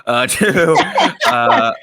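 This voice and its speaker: A man's voice: medium pitch, expressive, drawn-out words, bright, forceful tone, soft background music. A man chatting playfully on a podcast, laughing often and poking fun at himself. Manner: playful, laughs a lot, self-mocking. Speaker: podcast host. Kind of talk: casual chat.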